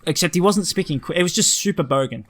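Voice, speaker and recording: An Australian man co-hosting a casual podcast chat, telling animated stories and laughing often. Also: sits high, fast talker. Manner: animated storyteller, mimics voices, laughs often. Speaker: podcast co-host.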